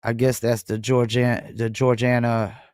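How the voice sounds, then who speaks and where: A man's voice: medium pitch, flat delivery, measured pace, a little mellow, smooth, no echo, clean studio sound. A man with a Southern US accent hosting a music review livestream, talking casually with a lot of fillers. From North Carolina. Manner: laid-back, rambling, frequent um and I mean. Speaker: music review show host.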